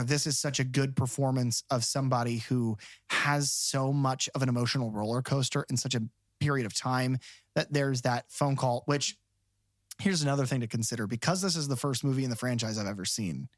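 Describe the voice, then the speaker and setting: Male podcast co-host, excited and rambling in casual film talk; middle pitch, dry room. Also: moderate pace, no echo. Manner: animated, rambling, enthusiastic.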